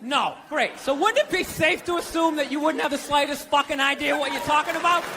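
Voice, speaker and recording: A man doing a loud, incredulous stand-up rant on stage, acting out other people's voices. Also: extremely high pitch, fairly quick. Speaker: stand-up comedian. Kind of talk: stand-up comedy set. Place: comedy venue stage before a live audience. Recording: live stage recording with crowd laughter and noise. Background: audience laughter.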